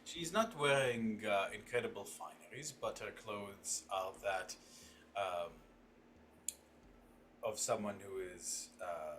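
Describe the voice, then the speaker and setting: A man narrating as game master for a tabletop game, halting with many fillers. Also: fairly low pitch, a bit bright, slight background noise.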